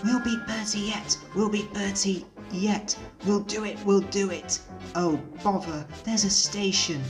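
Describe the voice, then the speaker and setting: A man voicing an encouraging male engine driver in a storybook reading, urging and steady. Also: high-pitched, a little slow, over music, voice pushed up.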